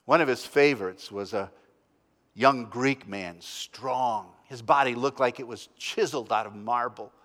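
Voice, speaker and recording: Dramatic preacher in a reverberant church. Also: male voice, mid-range voice, a little slow. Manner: dramatic storytelling, swinging between loud and hushed. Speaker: pastor. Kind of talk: sermon.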